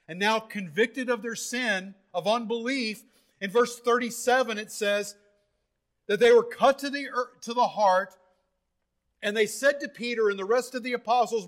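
A man preaching a sermon with fervor, repeating and restarting phrases as he builds to loud, emphatic peaks. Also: high-pitched.

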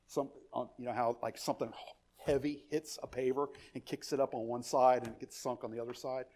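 A male pastor preaching an expository sermon, animated and emphatic, often repeating words as he restarts a thought. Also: mid-range voice, fairly quick.

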